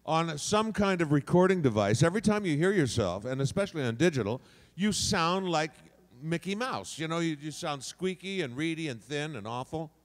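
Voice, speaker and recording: Brief: male voice teacher, lively swooping pitch on the high side, long hall reverb. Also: moderate pace. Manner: demonstrative, shifts voice placement freely. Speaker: voice actor on a convention panel. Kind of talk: teaching panel talk. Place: convention hall.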